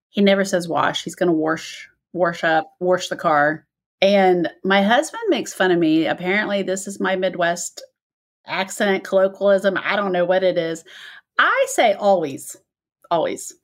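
A middle-aged woman co-hosts a relaxed chat, reading listener notes and telling family anecdotes. She talks freely and laughs often, with a voice of ordinary pitch. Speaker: podcast co-host.

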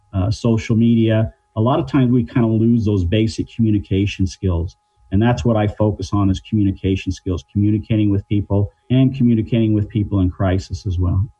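A middle-aged man, a crisis negotiation trainer, giving measured interview answers and explaining his points with everyday examples. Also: lowish voice, warm tone. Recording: dull lo-fi line.

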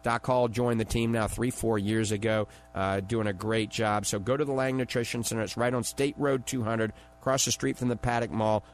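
A man's voice: fairly low pitch, fairly even intonation, moderate pace, few pauses. Chatty radio health-show host, man. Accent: New Orleans. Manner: chatty salesman's patter, repeats phone numbers, chuckles. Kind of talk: radio call-in health show with product promotion.

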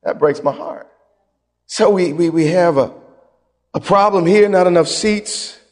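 A man preaching a sermon as pastor, emphatic and folksy, repeating phrases and swinging between loud and quiet. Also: sits high, unhurried, big-room sound.

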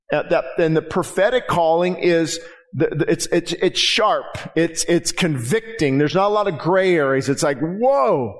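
A man preaching a sermon as pastor, impassioned, with frequent restarts and rising emphasis. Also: a little high. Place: church sanctuary.

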